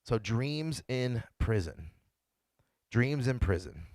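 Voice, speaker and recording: Very animated yet slow, this pastor speaks with a medium-pitched, slightly mellow voice and no room sound. His sermon is casual and conversational; he retells the story in his own words and playfully acts out the characters he quotes.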